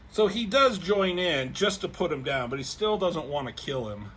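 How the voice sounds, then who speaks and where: A man's voice: fairly high pitch, lively intonation, normal speed, few pauses, a bit bright, slight background noise. A man casually retelling a comic as a reviewer, rambling, with lots of fillers and frequent swearing.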